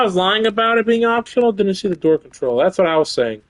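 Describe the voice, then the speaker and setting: Excitable swearing streamer, lively pitch. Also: male voice, fast. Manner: excitable and profane, reads in-game notes aloud. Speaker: game streamer. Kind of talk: casual live gameplay commentary.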